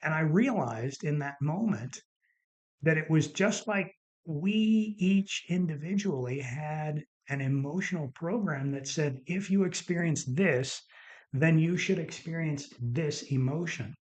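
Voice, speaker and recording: A man's voice: a little high, measured pace, a little mellow, dull audio. A middle-aged man, a doctor hosting his own podcast, tells stories in an earnest, casual monologue and repeats words for emphasis.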